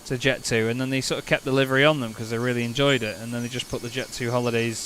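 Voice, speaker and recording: A man from England talks casually on a live stream, thinking aloud and slipping into crisp, clipped radio-controller phrasing. His voice sits at an ordinary pitch, with a faint hiss of background noise under the desk microphone. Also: fairly even intonation, very fast, a bit bright. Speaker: streamer playing an air traffic control game.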